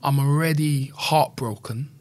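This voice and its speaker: A man's voice: medium pitch, a little slow, a little mellow, no room sound. A man speaking earnestly and candidly as an interview guest, often adding "you know". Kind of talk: reflective conversational interview.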